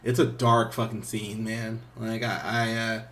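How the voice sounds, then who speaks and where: Rambling, animated podcast host. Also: male voice, lowish voice, a little slow. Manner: rambling, animated, swears freely, laughs often. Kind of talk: casual review chat.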